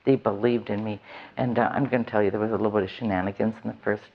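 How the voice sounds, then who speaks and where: A woman's voice: rumbling low, steady tone, racing, highs cut off, slight background noise. A woman frankly telling her recovery story to a live audience, with a wry, self-mocking humor. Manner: candid, wry, laughs often at herself. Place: event hall with an audience.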